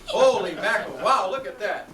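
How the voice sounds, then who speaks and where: A middle-aged male youth instructor coaches a class, his high, animated voice carrying at a moderate pace. Heard from far away in a large, echoey, noisy room full of student tables, he stays upbeat and calls out encouragement to the students.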